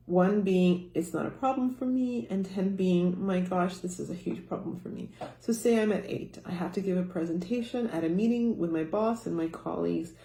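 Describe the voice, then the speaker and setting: Calm gravelly woman coaching a tapping routine. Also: fairly low pitch, echoey room. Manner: calm, instructive, softly voicing example self-talk. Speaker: personal success coach. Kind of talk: guided tapping demonstration.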